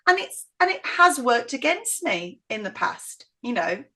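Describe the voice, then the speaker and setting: Outspoken northern English woman, middle-aged, bright higher voice, interview guest. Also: a little slow. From northern England. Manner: outspoken, animated, acts out quoted voices. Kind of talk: casual interview storytelling.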